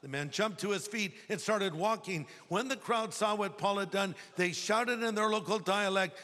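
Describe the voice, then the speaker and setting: Pastor, animated humorous storyteller, bright ringing tone, reverberant hall. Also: male voice, high voice, normal speed, few pauses. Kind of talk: sermon.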